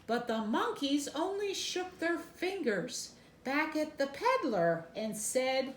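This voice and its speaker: A high-pitched woman reads a children's storybook very slowly, speaking straight to young listeners in a lively, sing-song voice. She's expressive and gasps for effect. The room echoes, with faint noise in the background.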